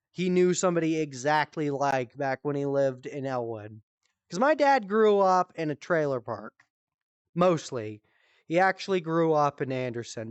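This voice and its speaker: Brief: young guy, smooth and clean on a dry headset mic, cussing his way through a bit. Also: on the high side, no room sound. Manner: profane, rambling, laughs at his own stories. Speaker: streamer comedian. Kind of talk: casual comedic storytelling.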